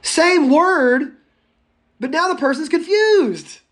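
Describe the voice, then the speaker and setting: A man teaching a public speaking class, lecturing live in a chatty, animated way, talking to students by name and going off on tangents. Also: very high voice, slow. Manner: goes off on tangents.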